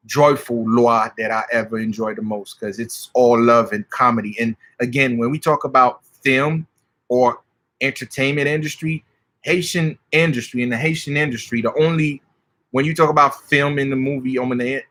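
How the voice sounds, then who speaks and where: Excitable man swearing freely, bright voice. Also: medium pitch. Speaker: guest, spiritual practitioner. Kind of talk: animated storytelling.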